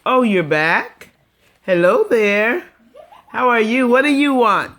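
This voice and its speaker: Slow, coaxing older woman. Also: on the high side, lively intonation, a bit bright. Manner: coaxing, teasing, laughs often. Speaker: grandmother training her dog. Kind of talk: casual home video.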